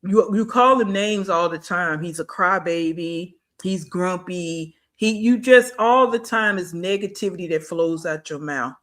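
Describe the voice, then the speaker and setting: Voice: mid-range voice, normal speed, hardly any pauses, fairly bright tone. A reaction channel host giving blunt, scolding commentary and talking back at a clip.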